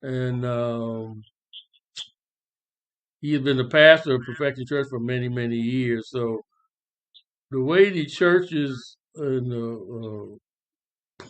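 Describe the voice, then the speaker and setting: A man's voice: medium pitch, slow, pauses often. A man hosting a casual talk podcast, musing with laughing asides. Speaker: podcast host.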